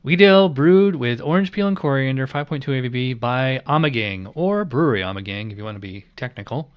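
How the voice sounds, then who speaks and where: A man's voice: mid-range voice, lively intonation, fairly quick, clean tone. A man hosting a casual beer review, thinking aloud in an easygoing, rambling way with many fillers.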